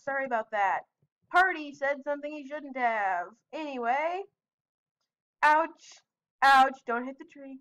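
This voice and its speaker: A woman giving casual gameplay commentary with friends, excitable, with yelping protests and quick asides. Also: high-pitched, low-quality recording. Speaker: gaming video host.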